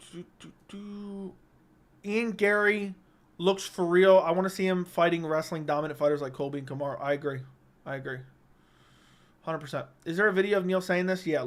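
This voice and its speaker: Young male streamer, higher voice, blunt quick takes, home studio mic. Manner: blunt, opinionated, quick verdicts. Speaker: livestream host reading viewer comments. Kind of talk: casual livestream chat. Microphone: studio microphone.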